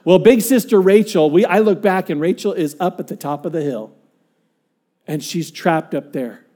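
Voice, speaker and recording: A man preaching a sermon, earnest and dynamic, dropping to a hush and then rising to emphatic points as he tells stories. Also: high voice, normal speed. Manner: dynamic, swinging from hushed to emphatic; earnest storytelling with acted-out quotes. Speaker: pastor.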